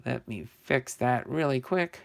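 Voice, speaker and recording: Gravelly older man hosting a card stream. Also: medium pitch, measured pace. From New Jersey. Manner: chatty, self-correcting, thinking aloud. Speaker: sports card channel host. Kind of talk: casual live stream chat.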